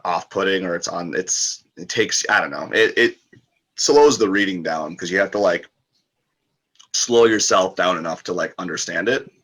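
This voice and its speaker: A man's voice: low-pitched, normal speed, a bit bright. A man, a book author and podcast guest, talking in a rambling, casual way with many fillers and restarts.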